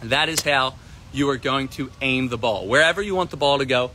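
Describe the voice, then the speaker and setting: A man teaching a tennis lesson on a live stream from an outdoor court, energetic and repetitive, often asking "right?". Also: medium pitch, fairly quick, a little hiss or hum. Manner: energetic, repeats himself, keeps asking "right?". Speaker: tennis coach.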